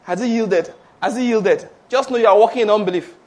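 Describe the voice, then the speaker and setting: A man's voice: high voice, fairly quick. A man preaching a sermon, laughing between points and calling on the congregation to repeat after him. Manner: animated, laughing asides, call-and-response with congregation. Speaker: pastor.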